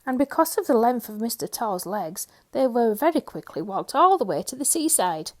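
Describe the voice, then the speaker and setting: A woman storyteller reading a children's picture book aloud, gentle and expressive. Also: on the high side, normal speed.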